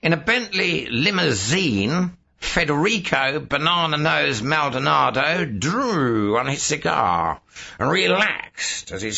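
Gravelly male audiobook narrator. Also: mid-range voice, sharp tone. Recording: dull lo-fi recording.

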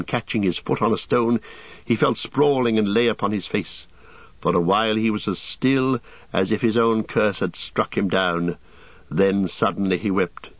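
A man reads the story in a measured, dramatic narration. His voice sits low. The studio recording is dry, with a slightly muffled, dull top end. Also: no echo. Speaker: audiobook narrator. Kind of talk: scripted narration.

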